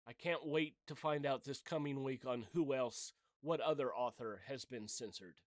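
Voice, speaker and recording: A man's voice: mid-range voice, normal speed, no echo, clean studio sound. A middle-aged man hosting his own channel, delivering a blunt, heated, profane opinion rant. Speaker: channel host.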